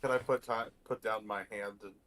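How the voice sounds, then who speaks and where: A man's voice: fairly low pitch, fairly even intonation, moderate pace, fairly bright tone. A man in a tabletop game, chatting casually as a player with a dry, joking manner.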